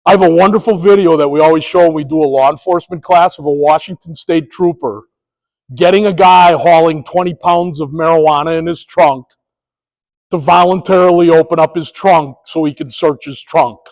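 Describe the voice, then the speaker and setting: A middle-aged man with a fairly high voice presents a conflict-management training to sports officials. He talks like a former cop telling stories, slipping into the voices of the people he quotes as he teaches. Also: brisk, long reverb tail, poor audio. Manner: storytelling, animated, acts out quoted dialogue.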